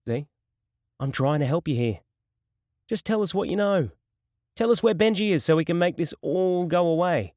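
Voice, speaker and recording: A man's voice: on the high side, lively intonation, moderate pace, pauses often, dry recording, clean studio sound, pitched above the performer's own voice. A man voicing a sadistic male gangster interrogator who taunts and threatens in a mocking, menacing way, from an audiobook. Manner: mocking, menacing, swings to shouting.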